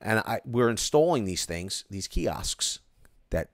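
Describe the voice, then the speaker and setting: A man hosting a casual live stream, reading viewer comments aloud and ranting about them in an animated way. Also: lowish voice, slow pace, dry recording, studio quality.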